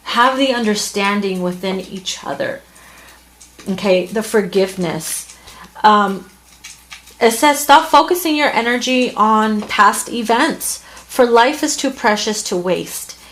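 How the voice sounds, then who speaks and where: A woman's voice: medium pitch, expressive, slow, fairly bright tone. A woman giving a heartfelt, casual tarot reading to camera. She talks earnestly, with restarts and fillers, and is moved at times. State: emotional, near tears at times. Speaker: tarot reader.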